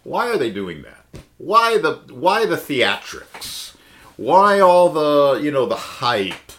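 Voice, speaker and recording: Slow, lively-pitched preacher man. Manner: emphatic, asks the listeners many rhetorical questions. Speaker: Bible teacher. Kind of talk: conversational sermon.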